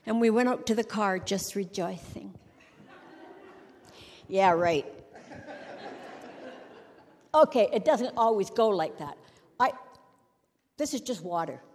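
A woman's voice: medium pitch, lively intonation, slow pace, pauses often, darkish tone. A middle-aged woman giving a humorous sermon on a church stage, a wry storyteller who jokes and acts out little scenes. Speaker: church speaker. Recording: long hall reverb.

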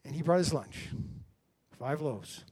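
Animated man preaching a sermon. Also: fairly high pitch, unhurried, slightly rough. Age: middle-aged. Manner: animated storytelling, swings from loud to hushed.

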